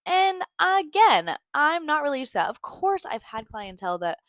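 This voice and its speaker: A woman's voice: sits high, normal speed, no room sound, clean studio sound. A young woman in her twenties hosting a podcast, telling a personal story in a casual, chatty way with lots of fillers. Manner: chatty, animated, lots of "like" and "you know what I mean". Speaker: podcast host. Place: New York.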